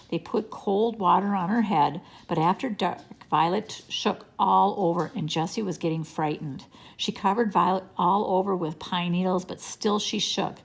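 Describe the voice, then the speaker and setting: Woman gently reading a children's chapter book. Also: lowish voice, creaky, slightly rough. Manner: gentle, unhurried storytelling. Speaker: reader.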